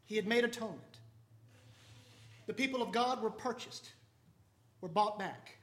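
A man preaching a sermon with fervor, swinging from hushed, low passages to loud, soaring ones. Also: moderate pace. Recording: echoey room.

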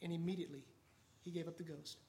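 A man preaching a sermon with fervor, swinging from hushed, low passages to loud, soaring ones. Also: level tone, fast, vocal fry. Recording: echoey room.

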